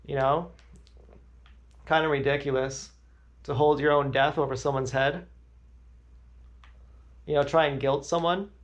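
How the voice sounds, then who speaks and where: A man's voice: fairly high pitch, steady tone, a little slow, pauses often, dull audio. A man livestreaming, telling crude, rambling stories in a blunt way.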